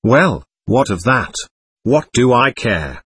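A man's voice: mid-range voice, sing-song, takes it slowly, fairly bright tone, husky, no room sound, full character voice. A man reading aloud the lines of a stubborn, hostile male spirit from a séance record, defiant and threatening.

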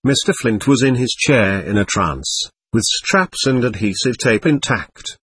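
A man giving a measured, matter-of-fact first-person account of a seance, read aloud. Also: mid-range voice, lively intonation, fairly bright tone, slightly rough, dry recording. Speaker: medium recounting a seance.

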